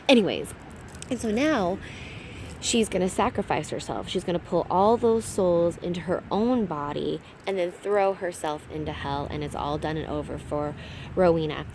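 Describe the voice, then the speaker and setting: A young adult woman hosting a casual fan recap, talking in a chatty, animated way and laughing at her own slips. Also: mid-range voice, a little hiss or hum.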